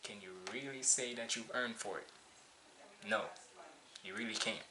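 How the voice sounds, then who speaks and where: A man's voice: medium pitch, moderate pace, background noise. A man hosting a music reaction video, talking casually and preachily, repeating his points for emphasis. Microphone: cheap basic mic.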